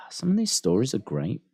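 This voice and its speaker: A man's voice: fairly low pitch, huge pitch swings, measured pace, a little mellow, slightly rough, dry recording, clean studio sound. A man hosting a wrestling watch-along stream, chatting and reacting with laughs and asides. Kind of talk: casual live-stream commentary.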